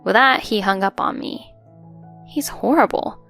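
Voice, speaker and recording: A woman's voice: mid-range voice, a little slow, creaky, a bit bright. A woman narrating a first-person story in an earnest, emotional way, with faint music behind.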